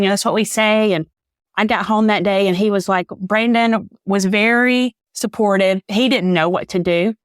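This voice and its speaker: A woman's voice: medium pitch, normal speed, dry recording, clean studio sound. A woman guest on a podcast, earnest and heartfelt, repeating phrases for emphasis. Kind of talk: personal storytelling in an interview.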